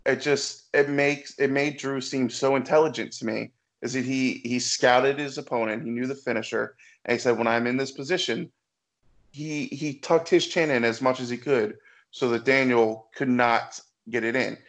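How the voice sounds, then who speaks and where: Man calmly analyzing wrestling matches. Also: mid-range voice. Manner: measured, analytical commentary. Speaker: podcast co-host. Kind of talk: casual chat.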